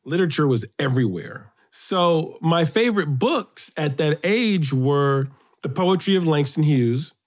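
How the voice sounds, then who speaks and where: A middle-aged man from Brooklyn, New York, guest in an interview, telling childhood stories in an animated way, his voice lifting when excited. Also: unhurried. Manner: animated storyteller, rises in pitch when excited. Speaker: guest, children's author and poet. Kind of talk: storytelling interview.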